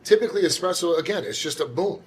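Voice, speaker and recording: A man's voice: high-pitched, expressive, quick pace, crowd noise. A man, a chef co-hosting a casual chat, blunt and swearing freely. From United States. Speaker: chef and co-host.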